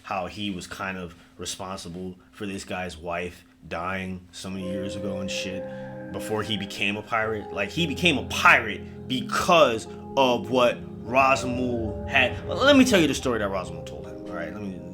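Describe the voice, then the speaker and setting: A man's voice: low-pitched, normal speed, music in the background. A man telling a spooky story in a casual, comedic way, full of swearing and rambling asides.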